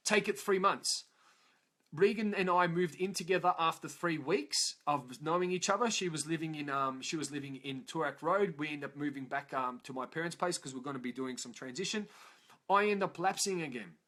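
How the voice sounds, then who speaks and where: A middle-aged man with an Australian accent telling a personal story in a rambling, animated way, swearing freely. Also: on the high side, normal speed. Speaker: speaker telling his life story. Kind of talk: casual storytelling.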